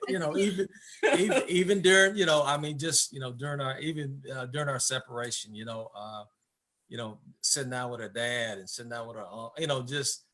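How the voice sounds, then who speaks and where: Halting, earnest man in conversation. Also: mid-range voice, fairly bright tone. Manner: halting, repeats words while searching for thoughts. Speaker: football coach, interview guest. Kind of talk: candid conversation about marriage.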